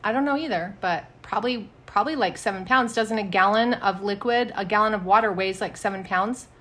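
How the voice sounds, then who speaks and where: A woman in her thirties co-hosting a casual podcast chat, telling lively stories and acting out what people said. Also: medium pitch, a little fast. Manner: animated storyteller, acts out quotes. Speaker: podcast co-host.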